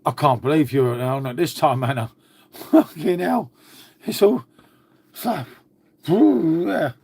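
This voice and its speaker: A man's voice: fairly high pitch, expressive, slow pace, creaky, darkish tone, slightly rough, no echo. Chatty man on a livestream. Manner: chatty, swears freely, talks to chat and dog. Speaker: livestream host. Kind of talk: casual live chat with viewers.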